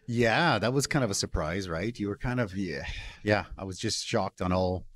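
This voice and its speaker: A man's voice: fairly low pitch, normal speed, a bit bright. A man hosting a podcast, chatting casually and mostly chiming in with short, easygoing agreement. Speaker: podcast host.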